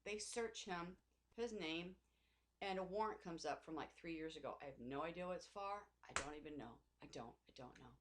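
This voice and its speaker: Middle-aged woman, personal faith vlogger; rambling, emotional delivery, slightly low voice. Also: normal speed, noisy background. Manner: rambling, emotional, many restarts and asides. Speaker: Christian vlogger. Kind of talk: personal faith vlog monologue.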